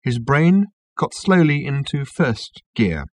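A man narrating a comic novel as an audiobook, with a wry, expressive delivery. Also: medium pitch, takes it slowly, no echo.

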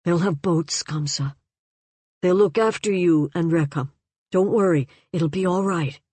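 Dazed but steady man, in a woman narrator's own low voice; unhurried. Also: breathy edge, dry recording. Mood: calm. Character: dazed, calm man tending the wounded.

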